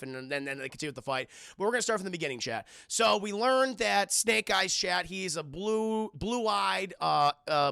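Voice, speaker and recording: Man, rough gravelly voice, bright and tense, casual profane rambling film recap, talks to chat. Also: sits high, no echo, clean studio sound. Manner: rambling, profane, excitable, keeps addressing chat. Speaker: film reviewer streaming to chat.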